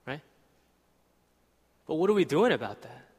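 A man's voice: fairly high pitch, animated, normal speed, long pauses, slightly rough. A young man preaching a sermon in a church, casual and conversational, often asking "right?". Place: church hall. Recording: reverberant church hall.

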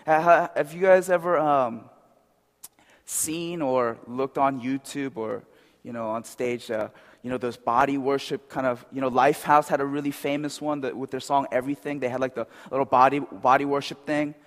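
A man's voice: mid-range voice, fairly even intonation, moderate pace, in a large hall. A man preaching a sermon in a conversational way, often checking with the crowd. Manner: conversational, asks the crowd "right?".

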